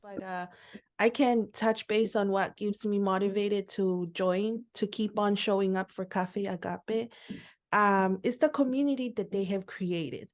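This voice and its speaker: A woman's voice: medium pitch, fairly even intonation, a little slow. A woman on a worship team giving a heartfelt, emotional testimony in a church interview. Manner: heartfelt and emotional, with a quiet laugh at times.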